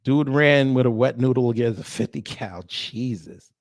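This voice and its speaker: A man's voice: medium pitch, normal speed, dry recording. Man drawling wry reaction commentary. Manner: wry, drawling asides between read-out comments. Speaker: reaction video host.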